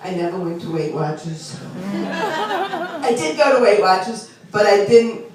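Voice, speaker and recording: Unhurried and mid-pitched, with wide swings in intonation, a comedian in her 60s from Long Island chats with a small-club crowd. Her material is talkative and self-deprecating. The distant microphone leaves a roomy club sound.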